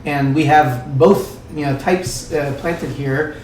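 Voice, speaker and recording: A man who works as a winemaker talks in a rambling, casual way full of fillers and restarts, with a croaky throat. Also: fairly high pitch, fairly even intonation, slow, a little mellow, a little hiss or hum. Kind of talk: casual podcast chat. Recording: roomy sound, distant mic.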